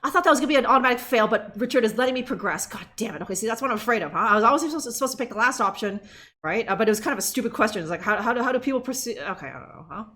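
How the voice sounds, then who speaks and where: A chatty woman streamer playing through a game, laughing and swearing as she jokes about the scenes. Her voice is fairly high and very lively, swinging widely in pitch. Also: racing. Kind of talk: casual game commentary.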